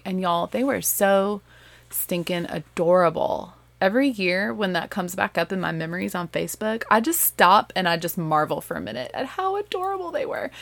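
A woman with a Southern accent chatting casually as a host, animated, laughing and correcting herself as she goes. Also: medium pitch, vocal fry, no echo. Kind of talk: casual chat.

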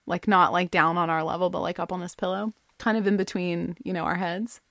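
A woman telling a personal family story in a chatty, animated way, full of fillers and quick laughs. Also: lowish voice, gravelly, no room sound, clean studio sound. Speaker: storyteller sharing a family anecdote; mother.

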